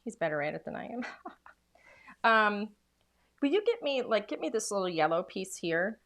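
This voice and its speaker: A woman's voice: medium pitch, sing-song, moderate pace, fairly bright tone. A woman demonstrating craft products in a casual, chatty way, full of enthusiasm and filler words.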